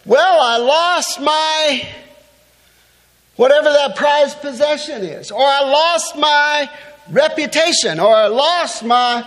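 A man preaching a sermon in a very high voice, taking his time over each phrase. He stresses his points with rising emphasis and reads scripture aloud. His voice rings out with a long reverb, as in a church hall. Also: slow, fairly bright tone. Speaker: pastor.

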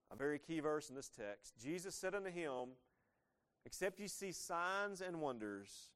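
A man in his thirties preaching a sermon, talking conversationally and asking the listeners rhetorical questions. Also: on the high side. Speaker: pastor.

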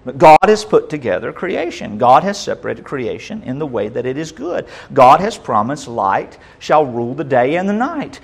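A man's voice: mid-range voice, sing-song, moderate pace, gravelly, hardly any pauses, husky. Man preaching a sermon. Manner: dynamic preaching, swinging between loud and soft. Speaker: pastor.

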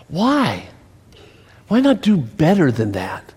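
Animated male preacher in a reverberant hall. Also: a little high, normal speed. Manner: animated preaching, swings from mocking mutters to loud exclamations. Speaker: pastor. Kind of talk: sermon.

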